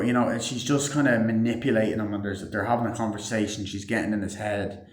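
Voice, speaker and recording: Speaking fast in a lowish, steady voice, a man reviews a movie casually and meanders as he goes. Profanity and fillers such as "like" and "um" pepper his talk, heard with a roomy echo.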